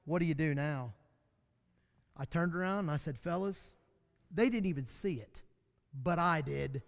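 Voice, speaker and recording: A man's voice: a little high, measured pace, gravelly. A man teaching a midweek Bible class in a folksy, storytelling way, with self-deprecating humor. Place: church classroom. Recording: long hall reverb.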